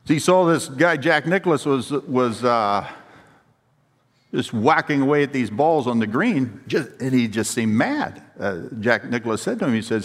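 A man's voice: mid-range voice, lively intonation, a little slow. A man preaching a sermon in a church sanctuary, his voice carrying a long reverb through the hall. He speaks emphatically, tells stories and puts rhetorical questions to the congregation. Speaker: pastor.

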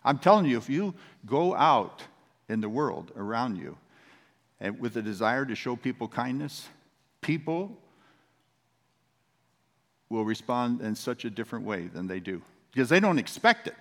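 A man's voice: mid-range voice, very animated, moderate pace, long pauses, fairly bright tone, big-room sound. A man, a pastor, preaching a sermon in a conversational, storytelling manner.

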